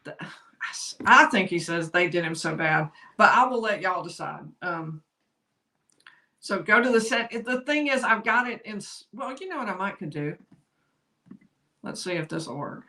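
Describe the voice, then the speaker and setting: A woman's voice: mid-range voice, expressive, normal speed, pushed and bright. A woman giving chatty legal commentary on a live stream, laughing easily and apologizing for tech slips. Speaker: lawyer commentator. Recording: roomy echo.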